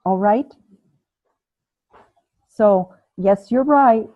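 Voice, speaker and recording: A woman teaching a breathing class over a video call, calm and patient, demonstrating the breaths aloud. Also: medium pitch, very slow, no echo. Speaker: ayurveda and yoga teacher. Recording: phone-like, narrow band.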